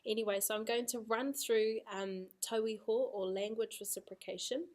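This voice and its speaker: A woman's voice: a little high, steady tone, normal speed, darkish tone. A woman teaching a language lesson, casual and encouraging, repeating drills aloud.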